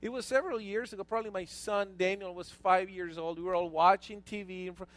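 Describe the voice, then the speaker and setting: A man, a pastor, preaching a lively sermon with stories and call-outs to the congregation. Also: sits high, a little fast.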